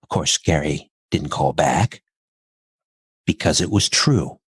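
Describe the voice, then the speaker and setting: A man's voice: very deep voice, takes it slowly, husky, no room sound, studio quality. A middle-aged man, a podcast guest, telling a personal story in an earnest, reflective way, step by step.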